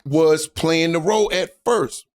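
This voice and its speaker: A male comedian tells a story as a guest, laughing often and slipping into the voices of the people he describes. His voice sits a little high for a man. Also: a little slow. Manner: lively, laughing, acts out the people in his stories. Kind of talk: animated storytelling.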